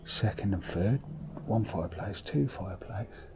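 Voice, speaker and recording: A man's voice: fairly low pitch, animated, measured pace. A man exploring an abandoned old building, talking in sweary, half-whispered, matter-of-fact asides. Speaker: urban explorer vlogger. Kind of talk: casual exploring commentary. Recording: loud background noise.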